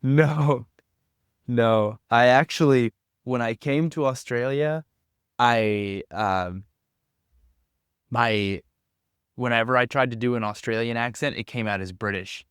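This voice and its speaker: In a medium-pitched, smooth, slightly bright voice, a young man from Tennessee, USA talks at a measured pace with frequent pauses. He's a podcast guest in casual conversation at a backpacker hostel, rambling, self-deprecating, and often laughing, captured in a dry, studio-quality recording.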